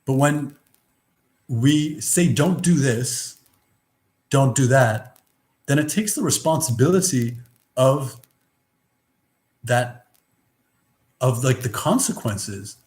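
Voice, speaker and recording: A man giving a rambling, philosophical monologue, blunt and profane, with many restarts. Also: mid-range voice. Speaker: vlogger. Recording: roomy echo.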